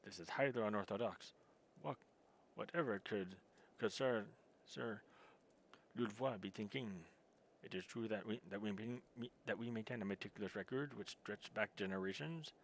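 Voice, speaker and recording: A cautious archivist, voiced by a man, stumbles over his words and repeats himself in a flustered way. The voice is low and plain. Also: normal speed, slight background noise, natural voice. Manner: flustered, stammering.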